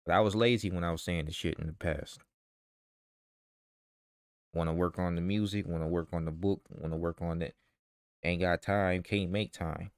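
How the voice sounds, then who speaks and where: A man's voice: low voice, fairly even intonation, moderate pace, pauses often, smooth, no room sound. A man in a vlog ranting heatedly with profanity and rhetorical questions. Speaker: vlogger. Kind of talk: ranting commentary.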